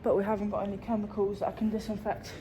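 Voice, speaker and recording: A woman's voice: mid-range voice, flat delivery, rapid-fire, dark tone, a little hiss or hum. Chatty woman filming on a farm. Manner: chatty, lots of ums, talks while doing chores. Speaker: sheep farmer vlogger. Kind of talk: casual farm vlog chat. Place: outdoors on a farm.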